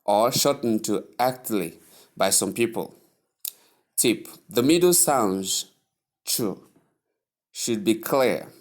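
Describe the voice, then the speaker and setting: A man teaching English pronunciation, repeating each word slowly and carefully and stressing its syllables. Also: on the low side, expressive. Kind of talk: slow, deliberate pronunciation lesson.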